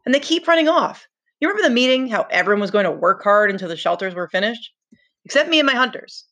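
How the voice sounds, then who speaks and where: A woman's voice: medium pitch, very animated, fast talker, a bit bright, voice pushed up. A woman reading the lines of a frustrated, earnest boy leader in a novel, with emphatic, exasperated delivery.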